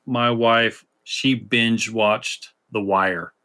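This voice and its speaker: A man's voice: on the low side, steady tone, extremely slow, very noisy. A man with a Southern US twang, co-hosting a podcast in casual, folksy storytelling chat. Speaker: podcast co-host.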